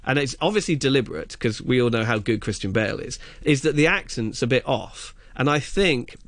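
A man's voice: mid-range voice, animated, fairly quick, a bit bright, no echo, clean studio sound. A man chatting on radio as a film reviewer, enthusiastic and rambling, with many fillers and restarts. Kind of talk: casual radio chat.

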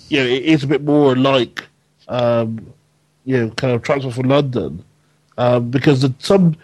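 A man's voice: medium pitch, a little mellow, dry recording, rough recording. A man on a podcast panel, ranting in casual chat with many fillers and frequent laughter.

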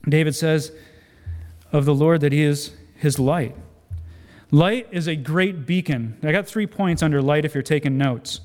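A man preaching a sermon as a guest speaker, animated storytelling with acted-out quotes and self-deprecating humor. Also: fairly high pitch, unhurried, soft background music. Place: church sanctuary. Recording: long church hall reverb.

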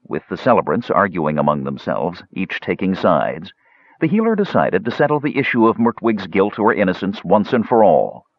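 A man with a husky, fairly low voice reads a fantasy story aloud in measured, dramatic narration, his pitch moving lively with the telling. The recording is dull and lo-fi, with a dry, close sound. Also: no room sound. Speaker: audiobook narrator. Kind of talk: scripted narration.

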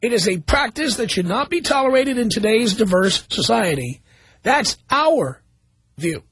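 A man's voice: high-pitched, sing-song, measured pace, fairly bright tone, husky, no echo. A man hosting a talk radio show, reading news stories aloud and commenting on them sarcastically.

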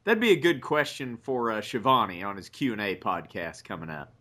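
Bright-voiced man in casual chat. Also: lowish voice, sing-song, a little fast. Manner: laughs often, swears casually. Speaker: podcast co-host watching old wrestling. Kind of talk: casual chat, watch-along commentary.

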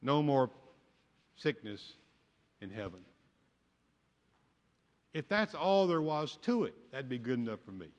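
Older preacher with a bright voice. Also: male voice, fairly high pitch. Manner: folksy storytelling with humor. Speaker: pastor. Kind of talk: sermon. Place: church sanctuary. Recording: long church hall reverb.

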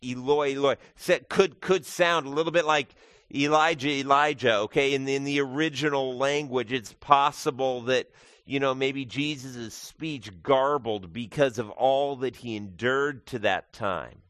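A man's voice: medium pitch, a little slow, fairly bright tone, no room sound, clean studio sound. A male pastor giving a conversational sermon, explaining scripture with casual asides. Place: church.

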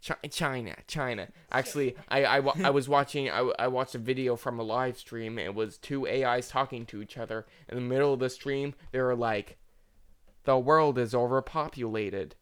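A man's voice: mid-range voice, fairly even intonation, brisk, hardly any pauses, clear, resonant tone. A young man hosting a podcast in casual, joking chat, rambling with stammered restarts. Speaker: podcast host.

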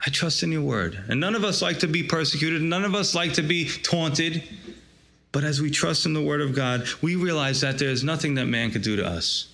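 A man's voice: on the high side, moderate pace, vocal fry, pushed and bright. A male pastor giving a conversational sermon and reading scripture aloud. He talks informally and keeps asking the congregation rhetorical questions. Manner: informal and folksy, addressing listeners as "gang".

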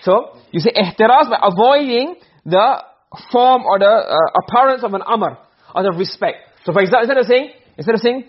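A male teacher gives a lesson at a brisk pace, often stopping to ask the class whether they follow. His voice sits high and sounds husky. The recording is dull and lo-fi. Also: animated. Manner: explains with repeated questions to students.

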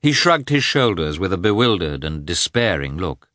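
A man narrating a classic novel in an expressive, measured reading. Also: deep voice, dry recording, studio quality. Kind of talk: audiobook narration.

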